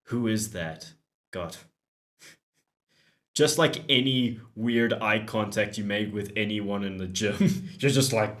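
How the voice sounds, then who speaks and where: A man's voice: lowish voice, slow pace, a bit bright. A man hosting a gaming channel, giving joking, chatty let's-play commentary while reading the dialogue.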